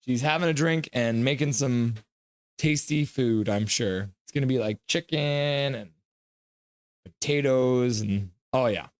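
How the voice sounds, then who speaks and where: A man's voice: moderate pace, dry recording. Male live-stream host, mid-range voice, loose and chatty, reads chat and mimics commenters, dry close mic. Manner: chatty, reads viewer comments and acts them out in sudden high shouts. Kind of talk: casual live-stream reaction, reading chat aloud.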